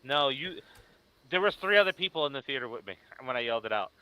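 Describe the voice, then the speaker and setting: A man's voice: medium pitch, expressive, fast, bright, forceful tone, smooth, low-quality recording. A man co-hosting a casual podcast chat, talking emphatically and explaining his points at length. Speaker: podcast co-host. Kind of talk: casual horror movie chat.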